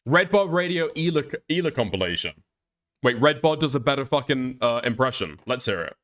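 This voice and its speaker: A man's voice: medium pitch, big pitch swings, brisk, fairly bright tone. A man reacting to clips on stream, sarcastic and swearing constantly. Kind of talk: profane reaction commentary.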